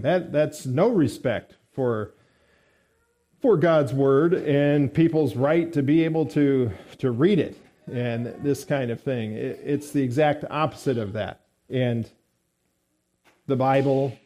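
A man preaching a morning sermon, speaking in a measured, halting way with frequent fillers. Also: fairly high pitch, mellow.

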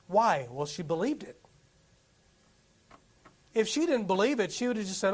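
A man's voice: high voice, normal speed, long pauses, breathy edge. A man preaching a sermon, reading scripture aloud and asking the congregation rhetorical questions. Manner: animated, asks many rhetorical questions, reads scripture aloud.

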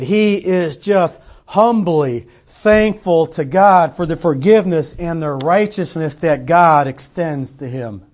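Lively preaching man, muffled recording. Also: fairly high pitch. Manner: conversational preaching with acted-out quotes. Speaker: pastor. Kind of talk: sermon. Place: church sanctuary.

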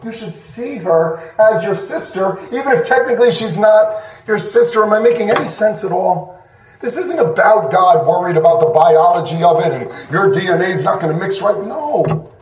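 A man's voice: high-pitched, expressive, moderate pace, roomy sound, recorded from a distance, slight background noise, low-quality recording. A middle-aged man preaching a sermon as pastor, in a conversational, self-deprecating way with sudden bursts of emphasis.

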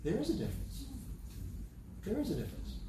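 This pastor's high voice swoops wildly in pitch as he preaches fairly quickly, reading scripture and hammering key phrases through repetition. A far-off camera captures him in an echoey hall against a noisy background.

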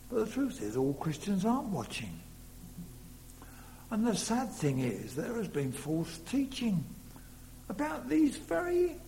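Earnest preacher in a reverberant hall. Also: male voice, very high voice, darkish tone. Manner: earnest, rising to emphatic stresses. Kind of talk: sermon. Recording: long reverb in a hall, faint hum.

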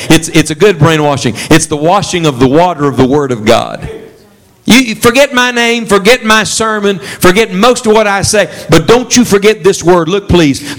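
A male preacher delivers an animated sermon, his voice swinging widely up and down as he pushes the congregation to answer him. He sits a little higher in pitch than most men, with rising bursts of emphasis. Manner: animated preaching with call-and-response.

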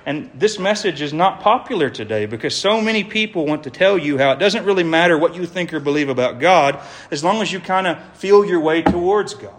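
A man's voice: on the high side, animated, brisk, hardly any pauses. A man preaching an evangelistic sermon to a congregation in an earnest, emphatic way, with many rhetorical questions.

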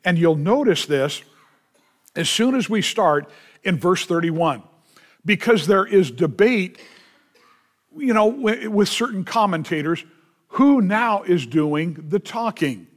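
A man, a pastor, preaching a sermon with emphatic, drawn-out stresses and quick asides to the congregation. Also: high-pitched, lively intonation.

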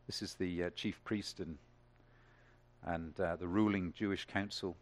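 A man preaches a sermon to his congregation in a lively way, building to emphatic peaks and putting questions to the room. His voice is low and a little slow.

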